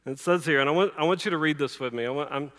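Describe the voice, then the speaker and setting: A man preaching a sermon, emphatic and swinging between loud and hushed, with a playful sarcastic streak. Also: on the high side, very fast. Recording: reverberant hall.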